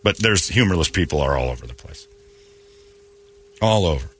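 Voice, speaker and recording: A man hosting a morning radio show, ranting sarcastically about the news and slipping into quick mocking quotes. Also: rumbling low, animated, slight background noise. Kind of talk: opinionated morning radio banter.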